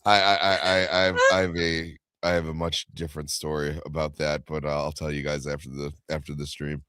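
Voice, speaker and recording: A man's voice: very deep voice, little pitch movement, brisk, sharp tone, no echo. A man on a livestream panel, laid-back and tossing in wry quips. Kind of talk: casual livestream chat.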